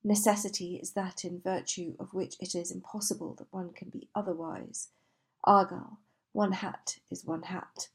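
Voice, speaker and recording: A woman reading a literary novel aloud in a slow, measured, deliberate way. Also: fairly low pitch, little pitch movement, slightly rough. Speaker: audiobook reader.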